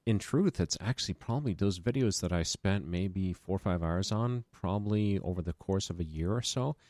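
Deep-voiced man telling business stories. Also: darkish tone, dry recording, studio quality. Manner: rambling, self-deprecating, frequent restarts. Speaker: small business owner. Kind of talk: casual podcast conversation.

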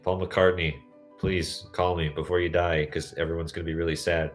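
A man's voice: sits low, level tone, moderate pace, faint music behind. A man co-hosting a podcast in casual chat, rambling from tangent to tangent. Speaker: podcast co-host.

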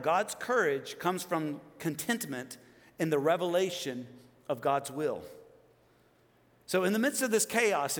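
Man, fifties, pastor preaching, high voice, long reverb, animated sermon delivery. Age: 50s. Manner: animated, swings from loud exclamations to hushed emphasis.

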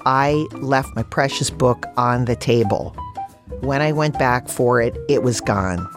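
An actress telling a personal story in a lively way, laughing as she goes. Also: rumbling low, a little slow, music in the background. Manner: lively storyteller, laughing through her tale. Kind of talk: personal anecdote told on a radio show.

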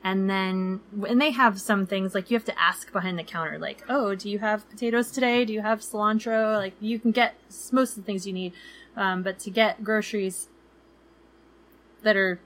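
A woman's voice: medium pitch, fairly even intonation, moderate pace, a bit bright. A woman in her thirties co-hosting a travel podcast in casual chat, talking loosely with many fillers and acting out people she quotes. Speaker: podcast co-host.

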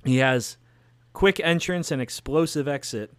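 A man's voice: a little high, measured pace, a bit bright, clear, resonant tone. A man hosting a casual podcast chat, joking and laughing often as he makes his picks. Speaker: podcast host.

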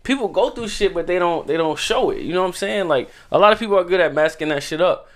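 A man's voice: high-pitched, expressive, fast. A young man speaking in an emphatic casual chat, full of slang and "you know what I'm saying.".

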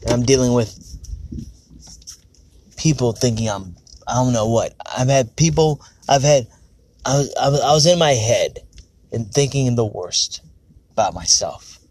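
A man's voice: mid-range voice, expressive, a little slow, pauses often, a little mellow, slight background noise. A man venting in a rambling, frank monologue, swearing often and correcting himself as he goes. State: on edge. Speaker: podcast host. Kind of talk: casual personal monologue.

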